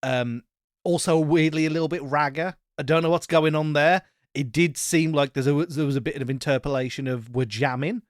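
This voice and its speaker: A man's voice: a little high, fairly even intonation, a little fast, dry recording, clean studio sound. Blunt, joking man on a podcast. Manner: blunt, joking, swears casually. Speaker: podcast co-host. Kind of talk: casual album review chat.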